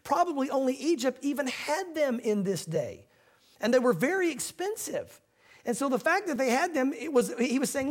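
A middle-aged man preaching a sermon as a pastor, talking in a relaxed, folksy way. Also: very high-pitched, moderate pace. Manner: conversational, folksy preaching with quoted voices.

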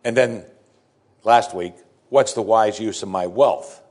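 A man's voice: on the low side, slow pace, darkish tone. A man preaching a sermon as pastor, emphatic, repeating key phrases with strong stress.

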